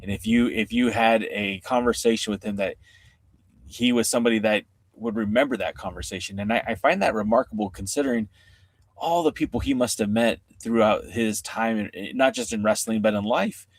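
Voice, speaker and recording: A man's voice: lowish voice, a little fast, no echo. A man hosting an interview, reading out viewer questions and responding conversationally. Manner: conversational, reads out viewer questions and reflects on answers. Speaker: interview host. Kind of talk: casual interview.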